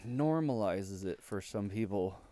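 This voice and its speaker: A man's voice: fairly low pitch, lively intonation, measured pace, warm tone, dry recording. A man co-hosting a casual podcast, blunt and emphatic in his opinions. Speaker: podcast co-host.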